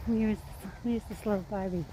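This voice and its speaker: A woman's voice: mid-range voice, fairly even intonation, brisk, dark tone, slight background noise. A woman filming a vlog outdoors on a horse farm, cooing to the horses in affectionate baby talk. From New Zealand. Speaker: vlogger. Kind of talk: casual vlog talking to horses.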